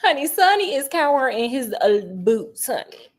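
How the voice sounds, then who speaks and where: A woman's voice: high voice, sing-song, moderate pace. A woman chatting casually while she cooks, sassy and full of asides like honey and girl. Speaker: vlogger. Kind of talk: casual chat while cooking.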